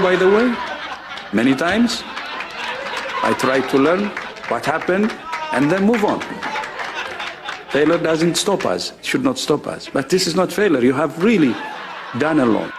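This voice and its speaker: Measured man over background noise. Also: fairly high pitch, animated, crowd noise. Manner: measured, reassuring. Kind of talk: public address clip.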